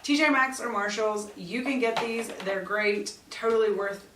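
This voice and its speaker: A woman's voice: fairly high pitch, moderate pace, echoey room, far from the mic, noisy background. A middle-aged woman chatting casually through product reviews in a blunt way, with exasperated asides. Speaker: beauty vlogger.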